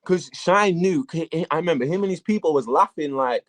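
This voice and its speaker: A man, a battle rap guest talking casually in an interview, telling animated stories and swearing a lot. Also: on the high side, moderate pace, hardly any pauses. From England. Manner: animated storytelling, heavy swearing.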